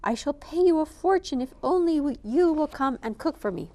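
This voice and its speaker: A woman's voice: high voice, lively intonation, a little fast, mellow, voice pushed up. A woman voicing a hungry male ogre who growls and chants about gobbling up children. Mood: wheedling.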